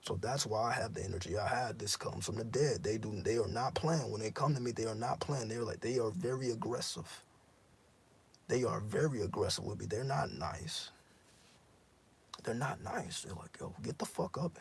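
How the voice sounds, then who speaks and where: Man, raspy husky voice, spiritual teacher giving an emphatic, profane casual monologue. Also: lowish voice, brisk. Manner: profane, intense, emphatic repetition.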